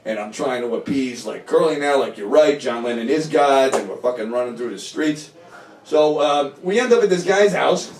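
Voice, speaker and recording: A middle-aged man telling a long first-person story at a live storytelling night, rambling and profane, jumping from loud, animated bursts to low mumbles. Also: moderate pace, far from the mic, a little hiss or hum. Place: small bar venue with live audience. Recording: echoey room, voice picked up from afar.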